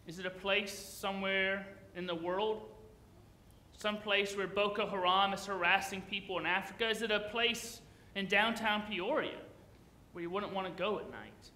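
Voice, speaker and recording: Guy preaching in a church, chatty and joking around, asks the crowd stuff, bright voice bouncing off the room. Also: high-pitched, moderate pace, echoey room. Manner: conversational, playful, asks the congregation questions. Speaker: pastor. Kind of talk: sermon.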